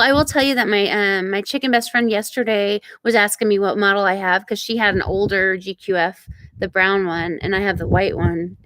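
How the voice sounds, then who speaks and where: Her mid-range voice comes through with no echo as this middle-aged ranch channel host from Oklahoma, Oklahoman accent and all, chats on a casual outdoor live stream. She reads the live chat and welcomes viewers by name.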